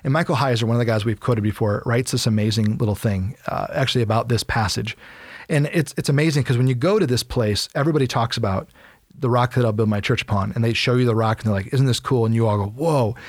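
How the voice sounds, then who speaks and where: A man's voice: medium pitch, fast talker, no room sound. Man animatedly explaining Bible stories. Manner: animated storytelling, acts out quotes. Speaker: podcast co-host. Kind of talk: casual Bible teaching chat.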